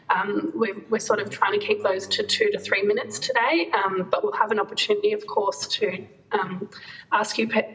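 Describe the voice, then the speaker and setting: Woman, Australian accent, committee chair, formal procedural reading, roomy echo. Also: mid-range voice. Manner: procedural, with fillers and slips. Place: parliamentary committee room.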